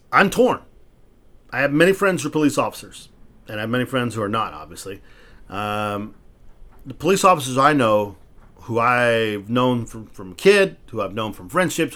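Man, podcast host, rapid, profane, heated storytelling, stumbling restarts. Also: medium pitch, fairly bright tone. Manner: frequent restarts when worked up. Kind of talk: casual podcast talk.

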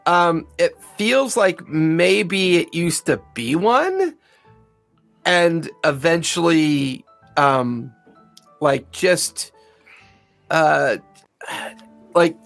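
A man's voice: on the high side, lively intonation, very slow, gravelly, long pauses, a bit bright, faint music behind. A man narrating a tabletop game as game master, rambling with many ums and likes.

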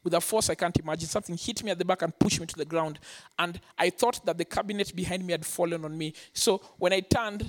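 A man preaching a sermon, telling his own story with lively acted-out quotes. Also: high-pitched. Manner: animated storytelling, acting out quotes. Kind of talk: sermon testimony.

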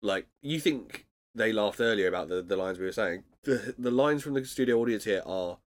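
Brief: male podcast co-host, deeper voice, loose chatty recap. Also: expressive, normal speed. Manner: chatty, laughs often, many restarts. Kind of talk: casual podcast chat recapping an episode.

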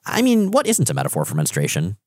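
A man co-hosting a podcast, chatting about comics in an animated, wry way. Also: low voice, quick pace, dry recording, clean studio sound. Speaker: podcast co-host. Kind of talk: casual comic-book chat.

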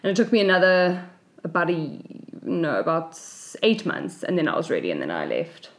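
A South African woman in her thirties, co-hosting a podcast and telling a personal story in a lively way, acting out what other people said. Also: low-pitched, moderate pace. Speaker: podcast co-host. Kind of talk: casual storytelling chat.

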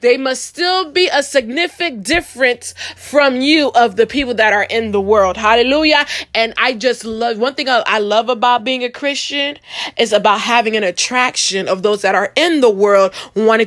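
A woman's voice: fairly high pitch, normal speed, fairly bright tone. A young woman hosting her Christian podcast, talking energetically and preaching with call-and-response asides to her listeners. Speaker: podcast host. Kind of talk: casual Christian podcast talk.

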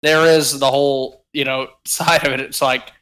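Bright-voiced young man telling stories. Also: mid-range voice, fairly even intonation, moderate pace, clean tone. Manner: profane, storytelling. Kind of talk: casual podcast chat.

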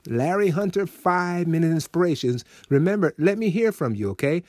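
Guy preaching a devotional, goes soft then fired up, dry mic. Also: fairly high pitch, moderate pace, no room sound. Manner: animated, swings from soft to emphatic, acts out quoted people. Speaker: host of a short devotional program.

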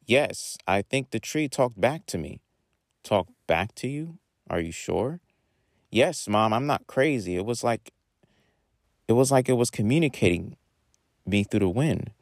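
A man voicing an excitable teenage boy in a story reading, eager and raising his pitch. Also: measured pace, creaky, pauses often, no room sound, clean studio sound.

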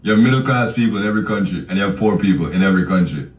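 A man's voice: low voice, expressive, rapid-fire. Profane, roomy-sounding man ranting on a podcast. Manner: loud, profane, laughing, talks straight to listeners. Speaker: podcast host. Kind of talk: casual podcast rant. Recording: echoey room, far from the mic.

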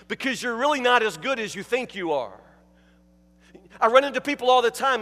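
A man delivers a sermon in a fairly high voice, driving points home with repeated words. He swings between emphatic lines and quiet, hushed passages. The sound trails off in a church hall with a long reverb. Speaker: pastor.

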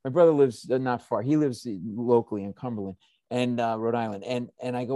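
A man telling rambling comic stories in casual chat, swearing freely and getting animated. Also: medium pitch, a little fast, no echo, studio quality. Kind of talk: casual chat, comedic storytelling.

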